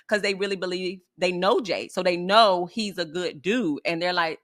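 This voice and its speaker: A middle-aged woman from Atlanta hosting a casual talk show, telling stories with lively energy and acting out what her friends say. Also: lowish voice, normal speed, hardly any pauses. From Atlanta, Georgia. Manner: animated storyteller, acts out quoted friends loudly. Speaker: podcast host and counselor. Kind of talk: casual chat.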